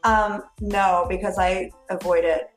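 Animated woman telling a story. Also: medium pitch, measured pace, echoey room, soft background music. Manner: animated storyteller, laughs often, acts out quotes. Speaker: podcast co-host. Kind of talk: casual storytelling chat.

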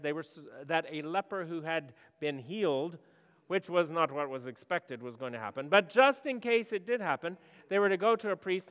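A male pastor delivers a sermon in a clear, resonant voice that sits a little high for a man. He talks to the congregation conversationally and poses questions, moving from loud to hushed. The long reverb of a church hall follows every word.

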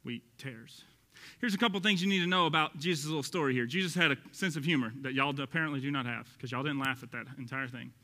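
A male pastor with a Texas accent preaching an animated, joking sermon, acting out quoted voices and sometimes shouting. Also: mid-range voice, fast.

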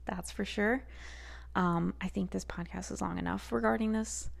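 A woman's voice: medium pitch, steady tone, normal speed, gravelly. A woman hosting a solo podcast, talking heatedly and sarcastically and swearing freely. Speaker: podcast host.

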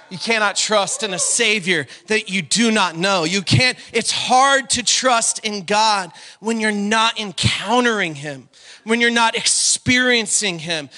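A male preacher delivers a sermon in an unusually high, bright voice. He preaches with animated energy and often rises to a shout. Now and then he breaks briefly into song.

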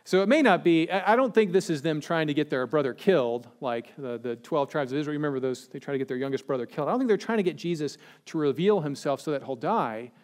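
A man preaching a sermon verse by verse, with dry sarcastic humor and animated emphasis. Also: fairly high pitch, fast talker, few pauses. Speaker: pastor.

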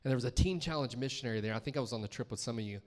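A man preaches a personal testimony, chatty and storytelling, voicing his own reactions. His mid-pitched voice rings with the long reverb of a church hall. The tone stays conversational rather than formal. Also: racing, a little mellow. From Columbus, Georgia, US. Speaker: guest preacher. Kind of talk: testimony sermon. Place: church sanctuary.

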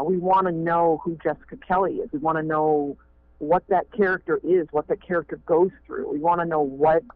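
A man's voice: fairly high pitch, vocal fry. Man on a tinny phone line. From Maine. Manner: rambling, many fillers and restarts. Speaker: fan film director. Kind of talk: casual interview talk.

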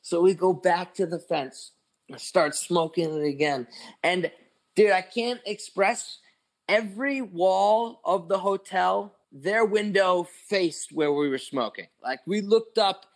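Young man, podcast co-host, casual story, rambling, "like" every few words, slightly high pitch. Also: slow. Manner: rambling, heavy on "like" and swearing.

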